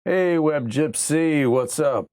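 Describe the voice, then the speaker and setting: A man's voice: a little high, slow, a little mellow, no echo, studio quality. A man hosting a casual livestream, rambling and reading out viewer comments. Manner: rambling, conversational, drops into mock voices. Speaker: livestream host.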